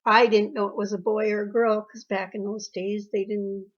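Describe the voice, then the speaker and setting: A woman's voice: medium pitch, little pitch movement, normal speed. An older woman being interviewed about her daughter, telling family stories in a fond way and repeating phrases. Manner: warm storytelling, emotional, repeats phrases. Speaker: interviewee, mother. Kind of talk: reminiscing interview. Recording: dull lo-fi recording.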